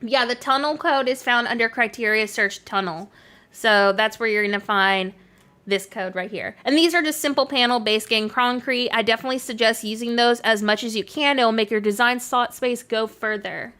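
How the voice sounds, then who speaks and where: A young-sounding Canadian game streamer with a blended Canadian and Southern American accent chats loosely on stream, answering her chat and saying "like" often. She talks at normal speed in a slightly high, bright, forceful voice.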